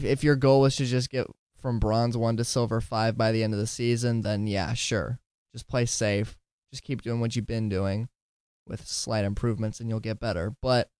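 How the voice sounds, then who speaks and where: A man's voice: fairly low pitch, a little mellow, clean tone, no echo, studio quality. Sleepy, giggly man hosting a podcast. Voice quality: drowsy, slurring at times. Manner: giggly, rambling, self-deprecating. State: tired. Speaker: podcast host. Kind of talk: casual solo podcast.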